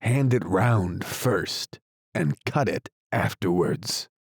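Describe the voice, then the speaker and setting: An eager, sly male unicorn who cries out his lines, as a male narrator puts him on. The voice sits low and dry, close to the mic, in a storybook reading. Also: dry recording. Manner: eager, quick to cry out. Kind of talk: audiobook character reading.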